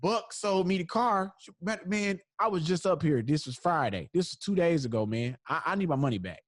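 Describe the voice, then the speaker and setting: A man's voice: a little high, brisk, no room sound, studio quality. A man hosting a podcast, telling a comedic story and acting out the voices of the people in it. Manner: animated, acts out voices in his story. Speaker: podcast host.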